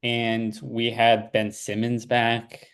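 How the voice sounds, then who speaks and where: A relaxed young man in casual podcast chat, his voice sitting at an ordinary middle pitch. He meanders through thoughts with plenty of "like" and "um," loose and conversational. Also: slow pace, a crowd in the background. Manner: laid-back, rambling with fillers and restarts. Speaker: podcast co-host.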